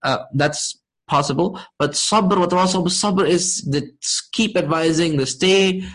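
Man, high voice, classroom grammar lesson, patient step-by-step explanations, quick recitation, frequent check-ins. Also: a bit bright, poor audio. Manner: recites Arabic verses quickly. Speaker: Arabic grammar teacher.

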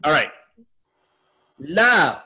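A man's voice: on the high side, very animated, extremely slow, sharp tone, slightly rough. A man teaching a class on Quranic Arabic, quizzing his students and laughing often. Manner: asks students questions, upbeat with laughs. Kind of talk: classroom lesson.

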